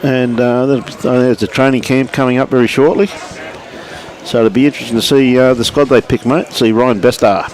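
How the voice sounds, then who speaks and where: A man's voice: mid-range voice, steady tone, fairly quick, darkish tone. An Australian man giving live lawn bowls commentary at the club, chatty, greeting viewers by name and calling everyone mate.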